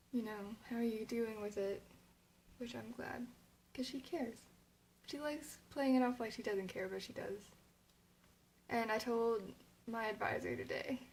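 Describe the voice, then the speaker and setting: A young woman vlogging to her camera in a loose, rambling way, full of fillers and restarts. Her voice sits at an ordinary pitch, and she sounds slightly emotional. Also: a little mellow, slight background noise, poor audio. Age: young adult. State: emotional, near tears. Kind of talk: casual chat to camera.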